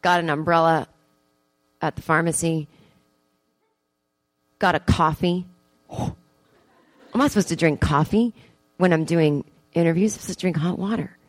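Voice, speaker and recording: A woman comedian telling a story live on stage, self-mocking and animated, acting out her own thoughts. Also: low voice, normal speed, pauses often, dry recording. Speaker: comedian and podcast host. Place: theatre stage with audience.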